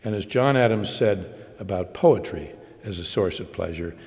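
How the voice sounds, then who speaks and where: An older American man giving a public lecture at a measured pace, building emphasis through repeated phrases. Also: low voice, a little mellow. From United States. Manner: measured, slow emphatic delivery with repetitions. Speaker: guest lecturer. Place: large auditorium. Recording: long hall reverb.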